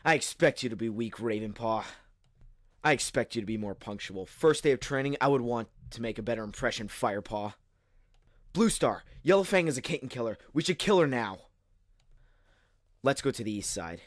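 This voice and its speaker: A man's voice: lowish voice, a little fast, dry recording, clean studio sound, close to an everyday voice. A man voicing a stern, cold male warrior cat who scolds apprentices.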